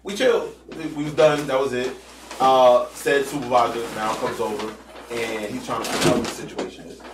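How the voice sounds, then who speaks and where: Man, podcast storyteller, animated, swears a lot, quotes people, roomy room, distant mic. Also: medium pitch, fairly quick, noisy background. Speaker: podcast host. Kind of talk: casual storytelling chat.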